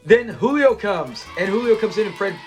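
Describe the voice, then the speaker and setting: Chatty high-voiced man recapping a sitcom. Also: moderate pace, soft background music. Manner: chatty, animated, acts out quotes. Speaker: channel host recapping a sitcom episode. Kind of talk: casual episode recap.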